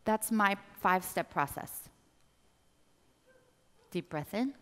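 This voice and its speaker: A woman coach speaks to a live audience in a bright, crisp voice, animated and direct. She keeps prompting the room to answer and repeat after her. Her voice rings with a long reverb from a large event hall. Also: medium pitch, slow. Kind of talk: motivational seminar talk.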